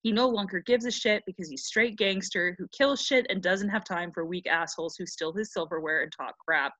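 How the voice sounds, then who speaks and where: A woman's voice: on the low side, a little fast, fairly bright tone, no echo. A woman co-hosting a podcast, retelling a story in a joking, irreverent, swearing way. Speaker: podcast co-host. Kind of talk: casual chat with profanity.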